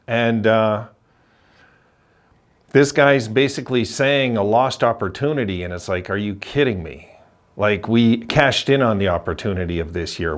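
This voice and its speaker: Older male host, opinionated and rambling vlog delivery. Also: mid-range voice. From Quebec. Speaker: hockey channel host.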